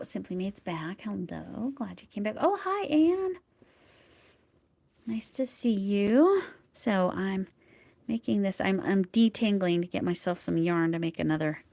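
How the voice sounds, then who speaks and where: A woman hosting a crochet livestream at home, chatting casually as she works and murmuring soft whispered asides to herself. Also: lowish voice, gravelly, no room sound. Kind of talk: casual live chat while crocheting.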